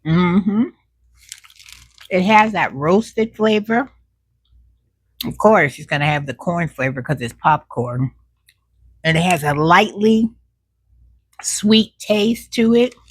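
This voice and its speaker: A woman's voice: on the low side, a little hiss or hum. A woman doing a snack taste test in a casual, folksy chat, talking while she chews and humming over the food. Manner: talks while chewing, savoring with drawn-out hums; folksy, says "child" as an aside.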